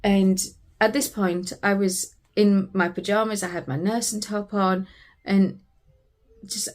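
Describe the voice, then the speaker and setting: A woman's voice: mid-range voice, fairly even intonation, unhurried. A British woman, a family vlogger, earnestly retelling a frightening family emergency in a personal storytelling vlog.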